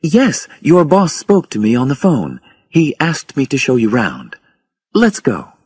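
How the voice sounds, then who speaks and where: A man reading a storybook, voicing a brisk, practical mother in a raised voice. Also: mid-range voice, wildly swooping pitch, a little mellow, breathy edge, no echo, clean studio sound, pitched above the performer's own voice, full character voice. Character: busy practical mother, woman in her thirties.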